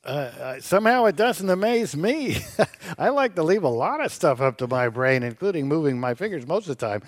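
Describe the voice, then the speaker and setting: A man's voice: a little high, very animated, normal speed, no echo. A man co-hosting a radio show, debating philosophy with a sarcastic, teasing edge and laughing as he argues. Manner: laughs while arguing.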